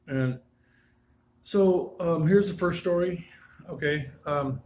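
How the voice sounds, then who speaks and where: A man's voice: fairly high pitch, slow pace, darkish tone, poor audio. A man with a slightly raised voice tells a casual, loose story from his own life. He wanders off into asides and restarts as he goes. A faint hum sits behind him.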